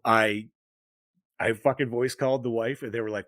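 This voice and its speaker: Fairly quick and steady in tone, this middle-aged co-host's fairly low, slightly bright voice carries long, rambling, expletive-heavy stories in casual podcast chat. The recording is dry.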